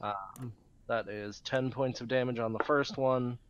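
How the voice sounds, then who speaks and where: A man playing a tabletop game, eagerly talking through his character's actions. His voice sits at an ordinary middle pitch. The recording is dull and lo-fi. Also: steady tone, unhurried. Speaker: player. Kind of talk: casual tabletop play.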